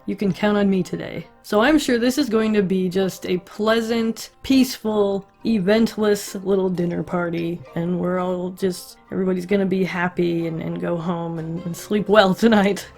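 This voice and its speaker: A woman's voice: fairly low pitch, fairly even intonation, normal speed, few pauses, a little mellow, faint music behind. A woman recapping an anime episode in casual narration, chatty and sarcastic, leaning on lots of "like" fillers.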